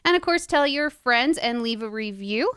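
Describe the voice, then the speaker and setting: A woman's voice: on the high side, animated, normal speed, fairly bright tone, clean tone, no room sound, studio quality. A woman hosting a casual podcast chat, upbeat and welcoming as she introduces the episode. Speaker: podcast host.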